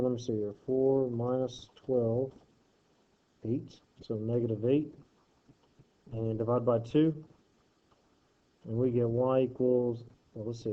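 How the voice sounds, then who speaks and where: A man's voice: medium pitch, narrow, tinny audio. Joking male math teacher thinking aloud. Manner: joking asides while working problems aloud; thinks aloud, self-correcting. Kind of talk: worksheet walkthrough lesson.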